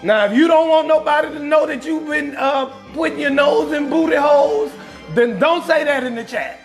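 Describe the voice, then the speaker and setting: Southern male comedian, very high voice with a raspy edge, loud and profane, riffing to the chat. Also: moderate pace, faint music behind. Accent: Southern American. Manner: loud, profane, animated, reads chat names. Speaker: comedian hosting a live stream. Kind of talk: casual live-stream comedy rant.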